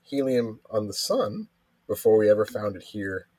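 A man's voice: lowish voice, big pitch swings, moderate pace, a crowd in the background. A man co-hosting a podcast in casual chat, talking in a playful, jokey way. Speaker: podcast co-host.

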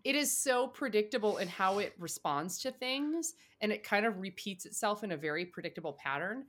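A woman's voice: medium pitch, expressive, brisk, fairly bright tone. A tired woman hosting a podcast, chatting casually and rambling, laughing often. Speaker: podcast host. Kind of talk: casual chat.

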